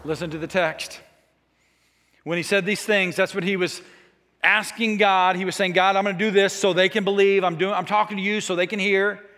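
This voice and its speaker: A man's voice: high voice, steady tone, normal speed, fairly bright tone, in a large hall. A man preaching a sermon in an earnest, conversational way, with small restarts. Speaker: pastor.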